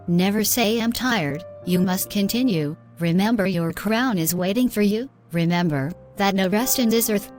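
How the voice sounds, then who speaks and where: Woman, earnest devotional narrator, mid-pitched, exhorting tone, faint music bed. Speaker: inspirational narrator.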